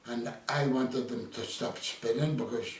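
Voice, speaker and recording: A man's voice: medium pitch, steady tone, measured pace. An older Irish man being interviewed, telling rambling stories full of quoted dialogue. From Ireland. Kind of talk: casual storytelling. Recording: echoey room, distant mic, faint ambience.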